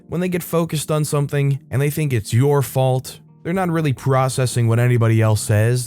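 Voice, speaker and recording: A young man narrating online stories with a casual, wry delivery. His voice sits at an ordinary middle pitch, and he slips into easy commentary between tales. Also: warm tone, clear, resonant tone. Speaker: host.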